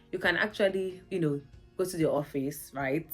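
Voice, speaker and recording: Chatting casually to the camera, this Nigerian woman tells stories in her vlog, laughing frequently and using "like" a lot. Her voice is low and husky, yet a bit bright.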